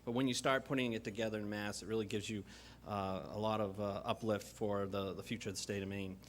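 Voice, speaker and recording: A man hosting an event and introducing the keynote speaker in a conference hall, halting often as he talks. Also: lowish voice, steady tone, slight background noise. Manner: halting, many fillers and restarts. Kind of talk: formal introduction speech.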